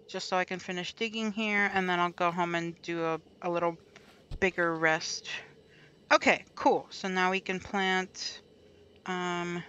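A woman's voice: on the low side, fairly bright tone, muffled recording, a little hiss or hum. A woman chatting casually through a gameplay livestream, talking to herself and to chat and laughing often. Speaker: streamer. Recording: light music behind the voice.

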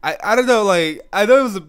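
A man with a cold talks in a fairly high, smooth and clear voice, his nose stuffed up and a cough breaking through now and then. He tells his story in a loose, rambling way as a casual commentator. He keeps dissolving into giggles between words. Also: animated, brisk, a bit bright. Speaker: YouTube gaming commentator.

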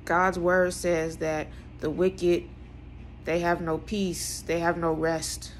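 A woman in an emphatic, preaching monologue. She repeats phrases for weight and swings between a hushed tone and a loud one. A faint hiss sits under her voice. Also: fairly low pitch, flat delivery, slow pace. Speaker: vlogger.

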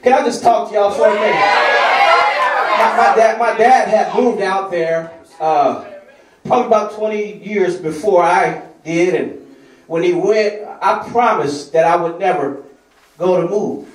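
A man preaching in a church with a very high voice and a slow, drawn-out delivery. He is heard from a distance, so the room's echo carries his words. A congregation can be heard behind him. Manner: sings hymn lines, leads call and response. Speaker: guest pastor. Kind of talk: sermon with sung hymn. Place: church sanctuary. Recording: roomy church sound from far off with crowd.

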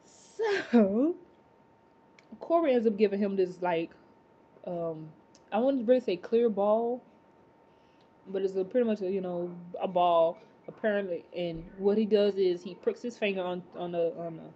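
A woman casually recapping a TV episode, rambling with many fillers and excited exclamations. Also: mid-range voice, a little slow, highs cut off. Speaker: TV episode reviewer.

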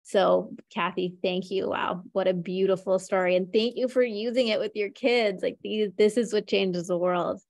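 A woman's voice: medium pitch, fairly even intonation, normal speed, vocal fry, hardly any pauses, dry recording. A woman hosting an online interview, enthusiastic and full of thanks for her guests. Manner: warm, effusive, enthusiastic. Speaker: host and tapping school teacher. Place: video call.

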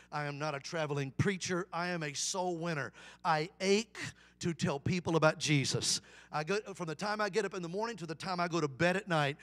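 A middle-aged man, a guest evangelist, preaching a folksy, humorous sermon. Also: fairly high pitch. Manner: folksy, animated storyteller with humor.

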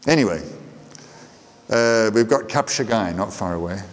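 A man's voice: on the low side, animated, normal speed, big-room sound. A man with a southern English accent giving a chatty lecture and often asking "yeah?" after his sentences. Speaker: guest lecturer. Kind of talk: lecture with audience questions.

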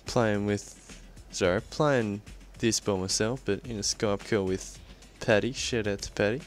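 Excitable Australian gamer, low slow voice. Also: male voice, soft background music. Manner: excitable, swears often, laughs at himself. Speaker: gaming commentator. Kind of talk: live game commentary.

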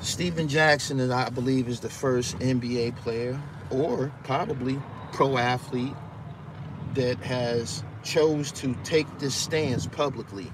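A man's voice: mid-range voice, slow pace, background noise. Casual New man live-streaming outdoors. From Brooklyn, New York. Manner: loose, conversational, profane, reads comments aloud.

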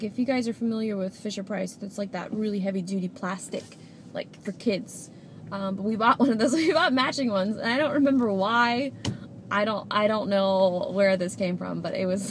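A young woman in her twenties, a vlogger chatting casually and rambling with giggles while she drives. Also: mid-range voice. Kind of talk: casual vlog chat while driving. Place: inside a car. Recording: road and engine noise.

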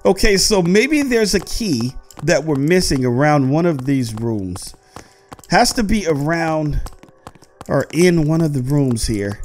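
A man giving excited gameplay commentary as host, talking to his viewers and yelping and shouting when something chases him. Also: a little high, takes it slowly, soft background music. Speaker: gaming host.

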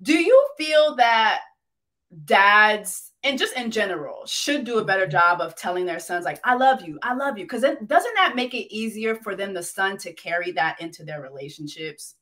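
A woman hosting a relaxed interview, animated and teasing, often repeating herself for emphasis. Her voice has a middle pitch with a bright, forceful edge. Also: moderate pace. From Haitian immigrant family. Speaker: host. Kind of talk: casual interview chat.

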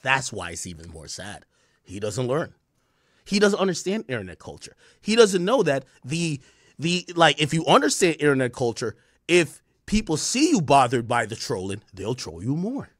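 A man giving a profane, mocking ranting commentary, animated throughout. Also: mid-range voice, normal speed, no room sound, clean studio sound. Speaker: online commentator.

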